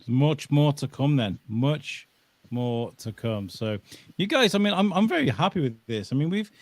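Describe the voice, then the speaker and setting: A man's voice: medium pitch, sing-song, moderate pace. A man co-hosting a podcast, chatting casually, laughing often and reading out listener comments. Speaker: podcast co-host.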